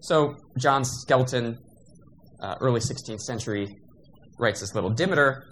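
A man's voice: medium pitch, normal speed, fairly bright tone, slight background noise, low-quality recording. Man lecturing on verse, many restarts. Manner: thoughtful, with frequent restarts and fillers. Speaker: teacher of poetry. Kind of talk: lecture to teachers.

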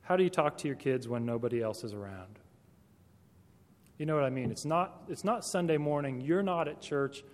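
A man's voice: medium pitch, animated, moderate pace, a little mellow. Man preaching in a reverberant hall. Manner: direct, conversational, asks rhetorical questions. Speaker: speaker to teachers. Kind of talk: talk to Christian educators.

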